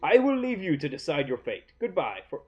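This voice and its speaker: A man's voice: a little high, big pitch swings, brisk, lo-fi sound, pitched above the performer's own voice. A man voicing an arrogant male imperial villain, reading game dialogue aloud in a taunting, declamatory way.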